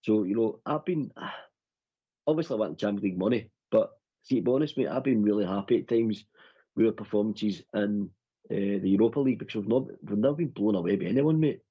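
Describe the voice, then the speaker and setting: Fairly low, brisk, and husky, this football phone-in host keeps the chat casual and matey, tossing "mate" at his co-host at every turn. It's heard through dull lo-fi sound.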